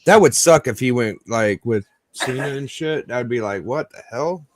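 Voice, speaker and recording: A man's voice: medium pitch, animated, moderate pace, no echo. A man hosting a live stream, chatting casually and swearing a bit. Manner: laid-back, swears casually. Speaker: streamer host.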